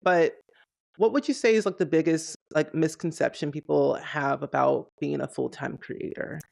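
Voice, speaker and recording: A man's voice: on the high side, steady tone, normal speed, vocal fry. A man hosting a casual interview, enthusiastic and peppering his questions with "like". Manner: enthusiastic, heavy use of "like". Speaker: podcast host.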